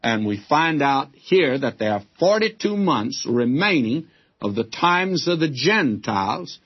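A man's voice: mid-range voice, sing-song, measured pace, husky. An older man teaching the Bible in a folksy, emphatic way, calling his listeners friends, on a dull old broadcast recording.

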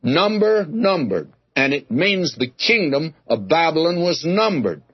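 A man with a slightly high, husky voice and wide pitch swings preaches an expository sermon at an unhurried pace, teaching through a scripture passage. His folksy, conversational manner includes homely jokes and calling listeners "my friend." The recording is dull and lo-fi, with no room sound.

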